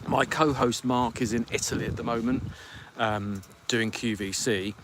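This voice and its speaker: A man's voice: mid-range voice, fairly even intonation, normal speed, background noise. A man from the UK hosting a podcast live stream, chatting casually and rambling as he reads out viewer comments. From United Kingdom. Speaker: podcast host.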